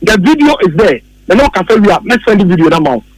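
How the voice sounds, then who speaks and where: A man's voice: high-pitched, very animated, brisk, no echo, poor audio. A man with a Ghanaian English accent giving heated political commentary on the radio, emphatic and repeating his key phrases.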